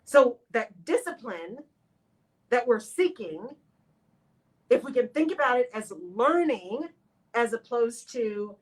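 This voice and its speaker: A woman with a lilt hosts a motivational radio talk. Her voice sits a little high, and she talks straight to her listeners in an expressive, animated way. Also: poor audio. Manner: expressive, talks to listeners as "y'all", acts out her own inner voice. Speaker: radio show host.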